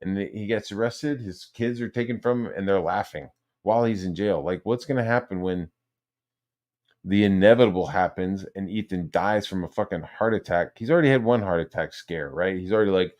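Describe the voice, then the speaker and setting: A man's voice: sits low, brisk, a little mellow. Profane, heated male streamer. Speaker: streamer host. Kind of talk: profane ranting livestream.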